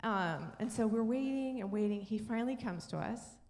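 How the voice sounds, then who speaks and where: A woman's voice: a little high, lively intonation, moderate pace, darkish tone. A middle-aged woman pastor telling a story in a sermon, acting out the voices of the people in it. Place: church sanctuary. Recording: long church hall reverb.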